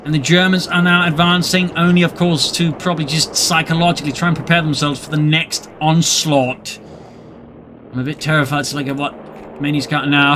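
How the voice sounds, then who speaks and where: Excitable man casting a battle game. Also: fairly high pitch, slight background noise. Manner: brisk, excitable, wry. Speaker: game caster. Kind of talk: play-by-play commentary. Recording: commentary over loud game battle sound. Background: gunfire and artillery.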